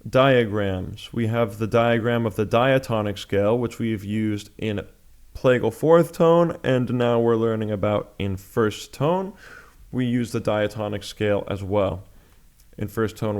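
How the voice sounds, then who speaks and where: A man's voice: fairly low pitch, darkish tone. A man teaching chant in a music lesson, explaining step by step with patient, plain talk and sung examples.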